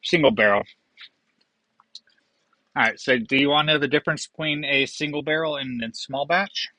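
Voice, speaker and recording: A man's voice: fairly high pitch, normal speed, pushed and bright, no room sound, rough recording. A young man hosting a casual whiskey tasting, rambling and joking with profane asides. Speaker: whiskey vlogger.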